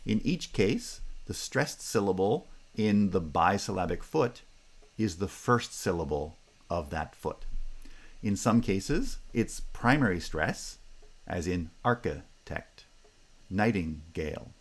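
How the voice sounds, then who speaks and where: A deep-voiced man giving a university lecture. He talks in a careful, measured way, says his example words twice and slowly, and fills his pauses with "uh".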